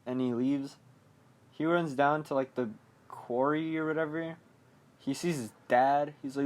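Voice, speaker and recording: A young man hosting a podcast, recapping a film in a rambling, casual way, full of fillers and quick mock quotes. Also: mid-range voice, steady tone, a little mellow. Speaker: podcast host.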